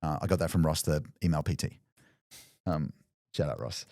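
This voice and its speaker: A man, a business coach guest on a podcast, telling a story in a loose, animated way with lots of fillers and restarts. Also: extremely low pitch, normal speed, creaky, dry recording, clean studio sound. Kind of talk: casual storytelling in conversation.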